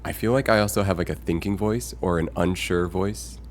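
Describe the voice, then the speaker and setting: A man with a very low voice and fairly even intonation talks a little fast in a casual live stream chat. Rambling and musing aloud with filler words, he reads viewers' messages as he goes, over faint background noise.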